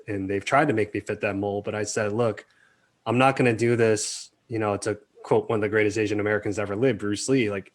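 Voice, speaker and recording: A man in a casual interview, recalling his career in a relaxed, talkative way. He slips into quoted voices as he tells stories, and his voice sits on the low side. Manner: animated storyteller, acts out quotes. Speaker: film director, interview guest.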